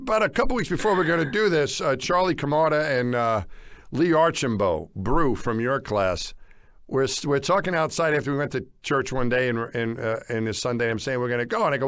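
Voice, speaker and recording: A man, a former astronaut, telling an anecdote in casual chat and acting out quoted lines with excitement. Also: brisk, dry recording, clean studio sound. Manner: animated, acts out quoted dialogue with rising pitch. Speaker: former astronaut, podcast co-host.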